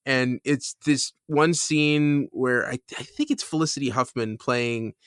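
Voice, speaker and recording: Bright-voiced man rambling on a podcast. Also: medium pitch, measured pace, smooth, dry recording, clean studio sound. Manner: rambling with many fillers and restarts; laughs while retelling a scene. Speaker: podcast co-host. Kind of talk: casual chat.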